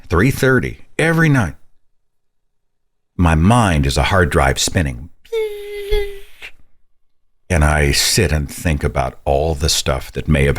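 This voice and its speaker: A man with a very low voice hosts a call-in show. He talks in an exasperated, rambling way. His questions climb sharply in pitch. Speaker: podcast host.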